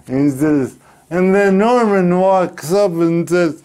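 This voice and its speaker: A middle-aged man from Canada, telling a personal story in an interview, speaking slowly and deliberately with pauses. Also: fairly high pitch, dark tone, clear, resonant tone. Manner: slow, deliberate speech with pauses and restarts. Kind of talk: reflective storytelling.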